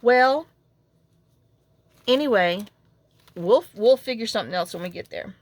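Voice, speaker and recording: A woman's voice: a little high, lively intonation, unhurried, no echo. A woman hosting a casual crafting tutorial, chatty and rambling as she talks viewers through her work. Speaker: crafting channel host.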